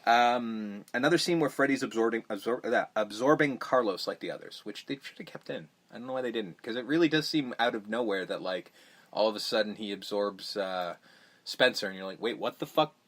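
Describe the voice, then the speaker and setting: A man hosting a podcast, chatting casually about a film in a rambling, profane way that gets animated when he mocks scenes. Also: lowish voice, brisk. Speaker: podcast host. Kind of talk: casual movie review chat.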